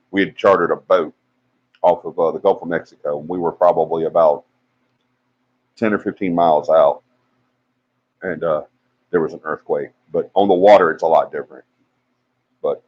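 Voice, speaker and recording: A man with a fairly low voice tells a story the way he would to friends. He rambles and uses plenty of fillers, and his voice jumps up when he acts out what people said. The audio sounds dull and lo-fi, like a home live stream. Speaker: paranormal investigation team member on a live stream.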